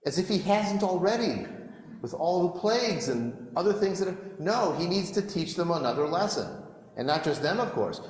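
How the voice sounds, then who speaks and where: Man giving a wry scripture talk in a hall. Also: on the high side. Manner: wry, sarcastic asides, acts out quotes. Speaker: congregation speaker. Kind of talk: sermon-style scripture talk. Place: congregation hall. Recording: echoey hall reverb.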